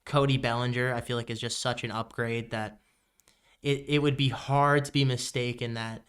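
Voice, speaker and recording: A man's voice: mid-range voice, moderate pace, smooth. A young man co-hosting a podcast, chatting casually and a bit rambling about baseball, with the hiccups. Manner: relaxed, rambling with fillers. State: has the hiccups. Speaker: podcast co-host. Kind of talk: casual sports chat.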